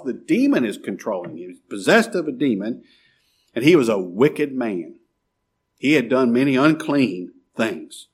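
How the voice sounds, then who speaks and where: A man preaching a sermon as pastor, asking rhetorical questions and dropping suddenly to a quiet murmur. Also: medium pitch, husky.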